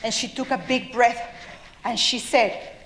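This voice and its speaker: A woman with a South American accent speaks to an audience with an animated, expressive storyteller's delivery. Her voice sits high. It echoes through a roomy hall with faint ambience behind it. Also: unhurried, a little hiss or hum. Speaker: children's author and speaker. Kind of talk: storytelling talk with audience sing-along. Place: stage at a public event.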